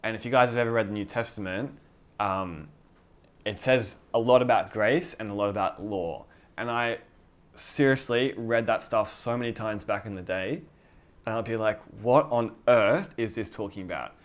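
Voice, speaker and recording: A man's voice: on the low side, normal speed. A young man preaching a casual sermon in a loose, chatty way, full of filler words and easy laughter. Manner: conversational, lots of filler likes, laughs easily.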